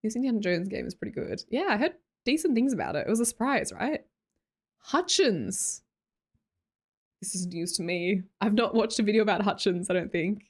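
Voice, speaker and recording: A young Australian woman chatting casually on a livestream, bubbly and quick to laugh, answering chat as she goes. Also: medium pitch, sing-song. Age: young adult. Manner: bubbly, laughs often, reads chat aloud.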